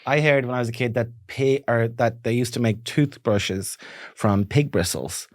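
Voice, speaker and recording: A man's voice: medium pitch, normal speed, no room sound, clean studio sound. A man in his forties with an Irish accent, co-hosting a casual comedy podcast, telling stories and riffing loosely. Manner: storytelling, riffing, slips into silly voices. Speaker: podcast co-host.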